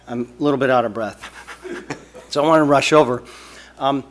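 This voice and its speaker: A man's voice: medium pitch, normal speed, long pauses. A man, an architect, speaking in public comment at a city meeting, casual and conversational, often adding "right.". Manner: conversational, keeps saying "right". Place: council meeting room.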